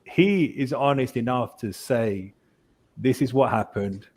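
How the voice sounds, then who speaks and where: A man's voice: mid-range voice, measured pace, a little mellow. Earnest man making his case. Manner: earnest and persuasive. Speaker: panel guest. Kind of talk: casual chat.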